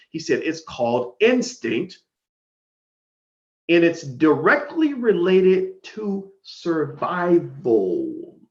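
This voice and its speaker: Emphatic male streamer, animated high voice, roomy lo-fi sound. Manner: emphatic, preachy, swings from loud outbursts to low asides. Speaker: commentator on a live stream. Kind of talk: fiery monologue to viewers. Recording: roomy, dull lo-fi stream audio.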